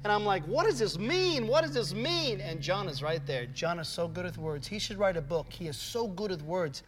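A man acting as an eager, excitable apostle in a church skit, rambling breathlessly. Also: sits high, moderate pace, low-quality recording. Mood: chatty. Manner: exuberant, rambling, breathless storytelling. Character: excitable adult male apostle Peter, eager fisherman.

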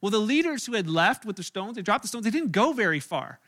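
A pastor preaches to a church room in a high-pitched, fast voice. He tells the story animatedly, acting out the voices of the people in it.

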